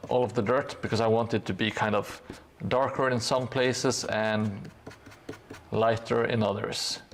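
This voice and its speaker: Slow, gravelly male streamer, halting. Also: medium pitch, slight background noise. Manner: halting, with many hesitations; dry sarcastic humor. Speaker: hobby streamer painting a gaming board. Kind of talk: casual live-stream chat while painting.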